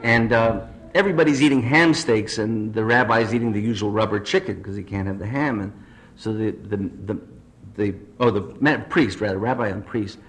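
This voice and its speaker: A man's voice: fairly low pitch, normal speed, a bit bright. A man telling a string of jokes to a recovery group, chuckling through his punchlines. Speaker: speaker at a recovery meeting. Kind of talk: stand-up joke telling.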